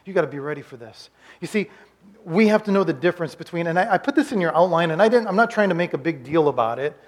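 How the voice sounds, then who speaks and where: A male pastor delivering a sermon in a voice pitched a bit above average. He pushes hard and loud on his points, then drops to a quiet, confiding tone, often restarting words as he goes. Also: lively intonation, fast. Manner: swings between loud urging and quiet confiding, with frequent restarts.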